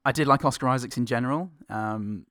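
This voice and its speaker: A man's voice: medium pitch, fairly quick, fairly bright tone, dry recording. A man co-hosting a casual film review podcast, laid-back with dry jokes.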